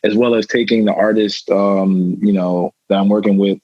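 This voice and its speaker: A man's voice: on the low side, normal speed, no room sound, muffled recording. A young American man, a football player and rapper, chatting casually as a guest with lots of fillers. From United States. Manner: relaxed, laughing, many fillers like "you know". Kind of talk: casual interview chat.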